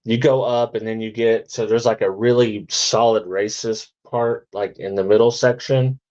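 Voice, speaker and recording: A man from Arkansas co-hosting a casual podcast, talking in halting restarts. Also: lowish voice, steady tone, darkish tone, lo-fi sound. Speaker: podcast co-host. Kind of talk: casual chat.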